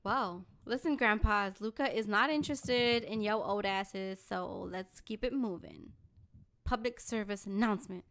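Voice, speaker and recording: A young woman co-hosting a podcast, telling a story in a blunt, animated, profane way. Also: medium pitch, measured pace. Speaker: podcast co-host. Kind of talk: casual podcast chat.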